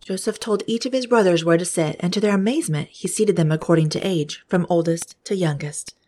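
A woman podcast host reading scripture aloud in a steady, measured way. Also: on the low side.

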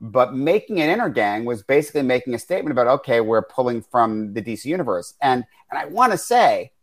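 A man co-hosting a casual film review chat, rambling and repeating words as he starts his points. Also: a little high. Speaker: podcast co-host.

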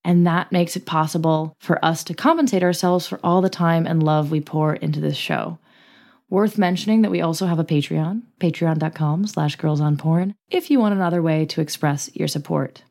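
A woman co-hosting a podcast in casual, playful chat, laughing often and reading sponsor copy briskly. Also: low voice, a little mellow. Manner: playful, giggly, reads ads briskly. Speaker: podcast co-host.

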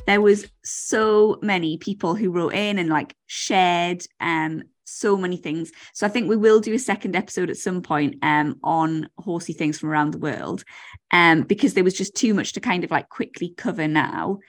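A woman's voice: on the low side, normal speed. Woman, casual podcast co-host, chatty and loose. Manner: chatty, swears casually, many fillers. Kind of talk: casual chat.

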